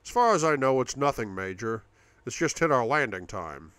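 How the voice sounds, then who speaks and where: A man's voice: medium pitch, very animated, moderate pace, a bit bright, clean tone, no echo. A man voicing a courteous, businesslike male airline captain.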